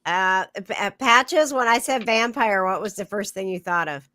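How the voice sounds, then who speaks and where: A woman hosting a casual live show, sick and congested, laughing often and talking haltingly with fillers. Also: medium pitch, pushed and bright, no echo, studio quality. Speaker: podcast host.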